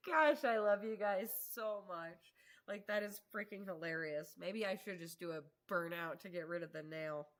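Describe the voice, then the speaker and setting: Bright-voiced chatty woman on a livestream. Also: fairly low pitch, a little slow. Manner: chatty, laughs often, swears casually. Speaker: livestream host. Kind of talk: casual live-stream chat. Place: home workshop.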